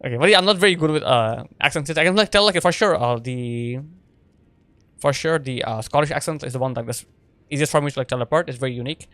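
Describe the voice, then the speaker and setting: A man's voice: mid-range voice, fast, fairly bright tone, no room sound. A man giving casual gameplay commentary as a streamer, rambling and chatty with lots of fillers. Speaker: game streamer.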